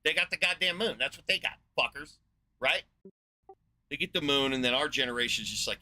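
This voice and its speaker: A man in his forties from the United States, giving a profane, sarcastic and exasperated rant as a video host, rambling with filler pauses. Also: medium pitch, animated, sharp tone, rough recording. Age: 40s. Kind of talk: ranting monologue.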